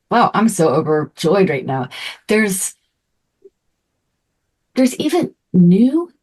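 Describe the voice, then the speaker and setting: A middle-aged woman leading a spiritual group talk as a manifestation coach, effusive and emotional, sometimes dropping into soft breathy asides. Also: medium pitch.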